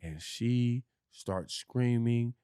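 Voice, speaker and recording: A man's voice: mid-range voice, drawn-out words, dark tone, clean tone, dry recording, clean studio sound. A man, a podcast guest, telling his own story candidly and bluntly, with profanity and frequent restarts.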